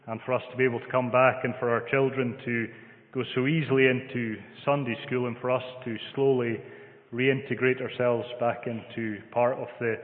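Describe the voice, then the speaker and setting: A man's voice: medium pitch, little pitch movement. Scottish man preaching in an echoing church. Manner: measured, gentle humour, reads scripture aloud. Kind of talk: sermon. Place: church hall. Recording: phone-like sound in a long-reverb hall.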